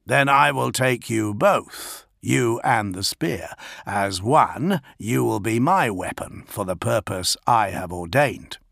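A stern, scheming warrior-priest, as a man reads him aloud, speaking slowly and with menace. The voice is low and gravelly, recorded close and dry. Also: expressive, a bit bright, no room sound, full character voice. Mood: menacing.

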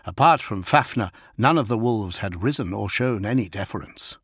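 A man reading an audiobook as narrator, measured and quiet. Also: fairly low pitch, breathy edge, no room sound, studio quality. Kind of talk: scripted narration.

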